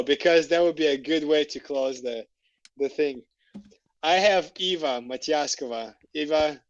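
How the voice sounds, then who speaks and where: A man, a podcast guest, telling stories in a casual, animated way, laughing and swearing freely. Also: on the high side, dry recording, highs cut off. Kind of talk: casual storytelling. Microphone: podcast microphone.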